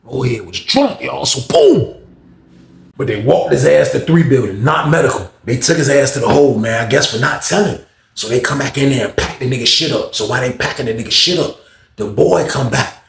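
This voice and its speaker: A man telling a story in casual slang, animated and acting out other people's voices. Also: mid-range voice, a little fast, creaky, roomy sound.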